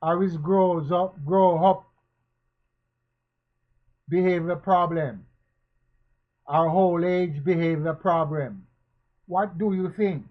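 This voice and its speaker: A commentator delivers spoken social commentary in a fairly high male voice, moving at a slow, deliberate pace with fairly even intonation. His cadence is emphatic and preacher-like, stacking rhetorical questions and returning to repeated phrases. The recording is dull and lo-fi.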